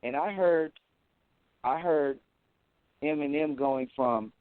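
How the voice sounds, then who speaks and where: A man talking as an interview guest, boastful and animated, who often repeats words as he goes. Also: a little high, takes it slowly, dry recording. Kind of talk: casual interview talk. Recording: tinny phone-like audio.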